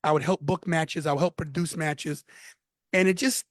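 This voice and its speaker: His voice is a little high and his speed normal, captured in a dry recording. He's a Brooklyn man in his fifties with a New York accent, an ex-wrestler guesting on a podcast, telling stories emphatically and animatedly, repeating phrases through the casual chat.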